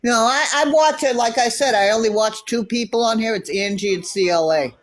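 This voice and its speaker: A woman's voice: a little high, fairly quick. Middle-aged American woman, chatty storyteller with blunt opinions, phone livestream guest. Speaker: guest caller. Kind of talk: casual livestream chat.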